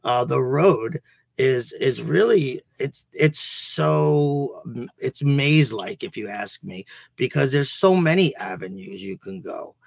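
A man's voice: mid-range voice, expressive, takes it slowly, creaky, slightly rough, no echo. A man hosting a podcast, a teacher talking in a rambling, profane, casual way with many restarts. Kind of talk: casual chat.

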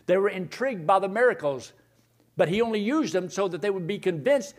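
A male preacher delivering a sermon, firing rhetorical questions and reading scripture slowly, swinging between loud emphasis and hushed tones. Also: high-pitched, lively intonation. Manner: reads scripture slowly and deliberately.

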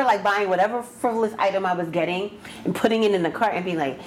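A woman co-hosting a casual chat show, telling animated stories and acting out what people said. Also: mid-range voice, brisk, few pauses. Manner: animated storyteller, acts out quotes. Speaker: podcast co-host. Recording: echoey room, faint noise.

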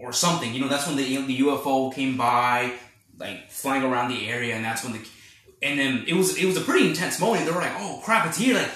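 A man hosting a casual film review chat, retelling scenes in a rambling, animated way with quoted reactions. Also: mid-range voice. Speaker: podcast host. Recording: echoey room.

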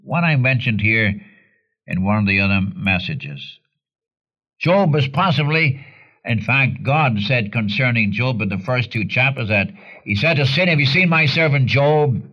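A man's voice: animated, unhurried, highs cut off. A man preaching a sermon in a blunt, earnest way, his voice jumping up sharply to stress a point. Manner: earnest and blunt, with sudden rises in pitch for emphasis.

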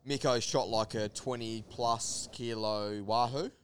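A man telling a long story in casual chat, animated, laughing often and full of fillers. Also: mid-range voice, measured pace, a little hiss or hum. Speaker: podcast guest.

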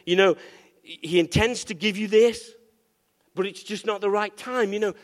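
A pastor delivers a lively sermon, teasing his congregation and asking them for amens. His voice sits high for a man. The sound carries the long reverb of a large church hall. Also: normal speed. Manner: animated, playful, call-and-response.

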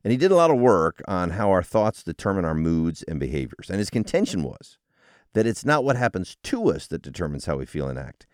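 A low-pitched man talking with a very lively, up-and-down delivery, like a coach explaining an idea to listeners. The sound is dry and close, with no room around it. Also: a little fast, dry recording. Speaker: podcast host. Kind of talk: solo motivational talk.

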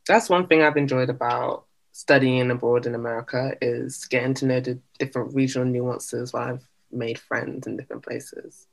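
A young adult student studying abroad in casual chat, bubbly and enthusiastic with quick laughs. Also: medium pitch, steady tone, vocal fry.

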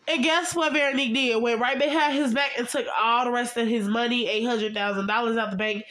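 A woman's voice: on the high side, normal speed, a bit bright. A young adult woman giving a casual, chatty TV recap, talking straight to her viewers in a gossipy way. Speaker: vlogger.

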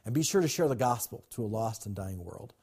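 A man's voice: fairly low pitch, expressive, fairly quick, darkish tone, breathy edge. A man preaching a sermon as pastor, emphatic and repetitive, calling on the congregation to respond.

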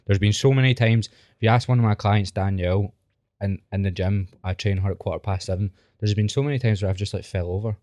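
A man's voice: on the low side, fairly even intonation, fast talker, darkish tone, dry recording. A man hosting a podcast, chatting casually and telling blunt, self-mocking stories. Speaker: podcast host. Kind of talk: casual chat.

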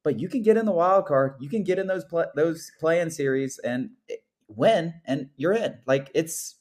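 A man's voice: a little high, normal speed. Ranting young man talking sports. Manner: animated ranting, frequent "like" and "dude". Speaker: podcast co-host. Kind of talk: casual sports talk.

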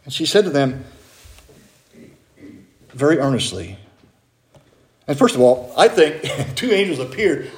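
A middle-aged man, a pastor, preaching a sermon in a chatty way and putting questions to his congregation. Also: a little high. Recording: echoey church room.

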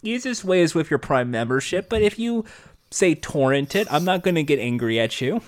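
A man chatting casually about a TV show with friends, animated and quick to laugh. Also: a little high. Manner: animated, laughs often, does mock voices. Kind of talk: casual chat reviewing a TV show.

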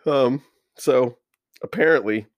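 A man's voice: medium pitch, slow pace, no room sound, muffled recording. A man hosting a casual comedy podcast, loose and slangy, laughing so hard he is in tears as he talks. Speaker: podcast host.

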